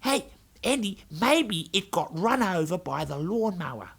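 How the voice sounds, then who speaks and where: A man's voice: high-pitched, sing-song, unhurried, gravelly, fairly bright tone, slightly rough, pitched above the performer's own voice, heavily acted. A man voicing a gloomy male snail in a children's storybook, speaking in a doleful, matter-of-fact way.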